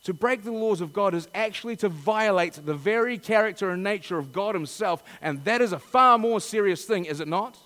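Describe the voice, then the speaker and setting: A man's voice: sits high, brisk, few pauses, bright, forceful tone, long reverb tail. A man preaching a sermon, asking rhetorical questions and reading scripture dramatically.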